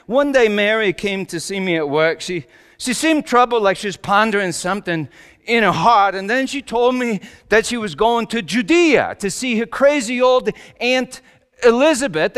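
With a high-pitched, fairly bright, clean voice, a pastor acts as a wry and exasperated Joseph the carpenter in a joking, self-mocking first-person sermon monologue full of big emphatic swings. He's in a church sanctuary, and the recording has the long reverb of a church hall.

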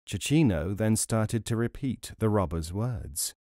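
Male folk-tale reader: steady, measured narration, dead dry studio sound. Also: fairly low pitch, dry recording. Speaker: storyteller. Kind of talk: audiobook storytelling.

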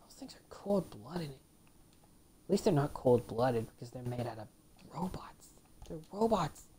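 A woman's voice: rumbling low, animated, unhurried, warm tone, slight background noise. A woman giving casual commentary while playing a video game, grumbling and dropping into half-whispered asides to herself. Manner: mutters half-whispered asides between exclamations; playfully complaining. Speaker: let's play gamer.

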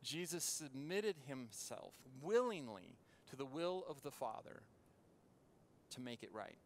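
Brief: male preacher, mid-pitched, earnest sermon delivery with weighty pauses. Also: very animated, creaky, a little hiss or hum. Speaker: pastor. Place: church.

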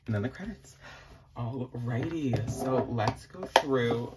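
A young man in a casual unboxing vlog, gushing and excitable, with frequent gasps and many fillers. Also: medium pitch, takes it slowly, heavy background noise. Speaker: vlogger.

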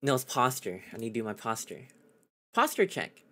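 A man's voice: medium pitch, quick pace, sharp tone. A male streamer chatting casually, self-deprecating and rambling, often breaking into laughter. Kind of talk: casual chat.

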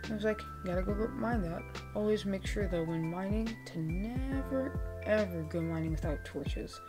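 A woman with a gravelly voice giving chatty, laid-back, self-mocking commentary over her gameplay. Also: medium pitch, moderate pace. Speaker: gaming video creator. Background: background music, keyboard typing.

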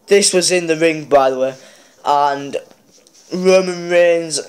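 A man's voice: fairly high pitch, slow, clean tone. A man hosting a mobile game channel, casually recapping a wrestling show with lots of fillers and restarts. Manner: rambling, many fillers and restarts.

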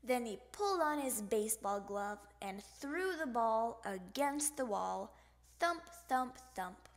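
Woman storybook reader, high bright voice, unhurried, animated read-aloud. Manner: animated, sound effects and character voices. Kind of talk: expressive picture book read-aloud.

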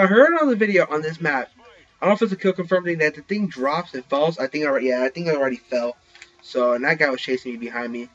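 A young man giving excited live commentary while playing an online shooter, talking into a headset. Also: medium pitch. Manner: excitable, reacting loudly to kills. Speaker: gaming channel host. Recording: slightly dull lo-fi recording.

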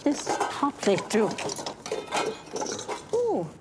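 Heavily acted and drawn out, this high-pitched woman's voice swoops wildly as she plays an exuberant 1960s TV cook in her fifties, a tall, chipper cooking show guest. She warbles theatrically and tosses in French phrases, all over heavy background noise in this television drama scene.

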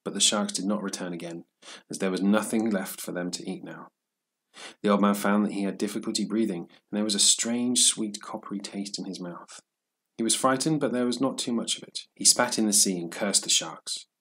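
A man reading a story aloud in a steady, measured narration for English learners. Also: fairly low pitch, slightly rough.

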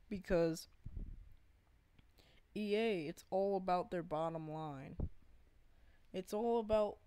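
A woman's voice: mid-range voice, lively intonation, slow pace, long pauses, a little mellow, clean tone, poor audio. A woman in an unscripted gaming rant, earnest and pleading, often stopping to restart her sentences. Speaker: gaming vlogger.

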